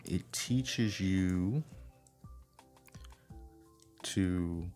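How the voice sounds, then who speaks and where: A man's voice: low voice, darkish tone, soft background music. A man hosting a casual livestream, thinking aloud and humming to himself as he works on a model kit. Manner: unhurried, thinks aloud, hums to himself while working. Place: indoor home room.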